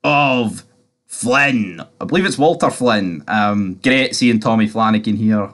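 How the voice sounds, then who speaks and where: A man talks through a TV episode in a loose, off-the-cuff recap. His voice sits a little on the low side, and he rambles with plenty of fillers and casual swearing. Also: a bit bright.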